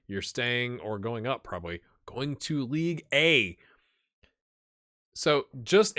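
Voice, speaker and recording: A man's voice: on the low side, fairly bright tone, no echo, clean studio sound. A man hosting a gaming channel, casually commenting on a management game, chatty and thinking aloud with rhetorical questions.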